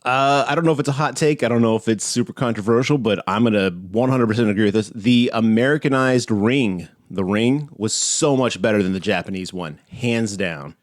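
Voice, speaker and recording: A man's voice: medium pitch, fairly quick, few pauses, no echo, studio quality. A man from Texas co-hosting a podcast in casual chat, opinionated and teasing, swearing now and then. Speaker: podcast co-host.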